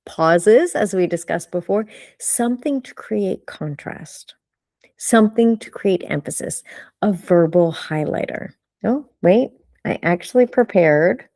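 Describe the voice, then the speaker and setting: A woman leads a live coaching session on vocal delivery, emphatic and animated, firing off rhetorical questions. She speaks at an unhurried, deliberate pace, pausing to let points land. The sound is dry and close. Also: medium pitch, no echo.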